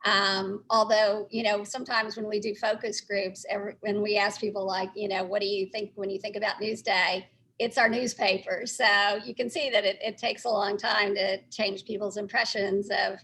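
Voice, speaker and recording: A middle-aged woman from Texas with a Texan accent softened by New York, answering interview questions in a friendly way with many ums and uhs. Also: medium pitch, a little hiss or hum, poor audio. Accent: Texan blended with New York. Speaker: newspaper publisher, guest.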